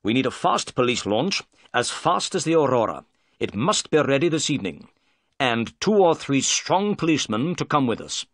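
A man's voice: medium pitch, very animated, dry recording, clean studio sound. A man doing Sherlock Holmes, commanding detective. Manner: brisk, commanding. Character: confident, commanding male detective.

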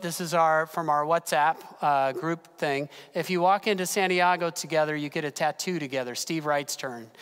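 Male pastor, high voice, animated storytelling sermon, long church reverb. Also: clear, resonant tone. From California. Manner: animated, personal storytelling with gasps and fillers. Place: church sanctuary.

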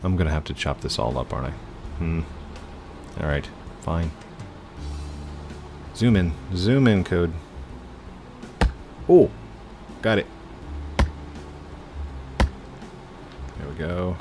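Male gaming host, deep and gravelly, slow unhurried delivery, chatty play-by-play with faint music underneath. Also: expressive. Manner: chatty, narrating his own moves, talking to viewers. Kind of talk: casual let's-play commentary. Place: home computer setup.

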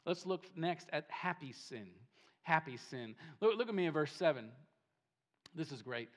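A man's voice: on the high side, lively intonation, normal speed. Male pastor, sermon in a church; emphatic, repetitive, rising and falling delivery. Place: church sanctuary.

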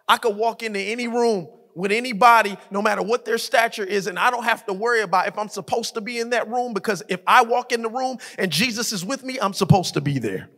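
A high, gravelly-voiced man preaches a sermon, talking in a colloquial way and repeating his words. His delivery builds to forceful shouts. The sound rings with the long reverb of a large hall. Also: fast, hardly any pauses. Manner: preaching with mounting intensity, often shouting. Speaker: co-pastor.

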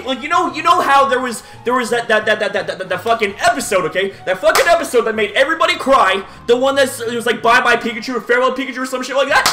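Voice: mid-range voice, sharp tone, echoey room. A YouTube vlogger in an over-the-top hype persona, swearing freely and stammering over repeated words. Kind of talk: hyped commentary vlog in a persona.

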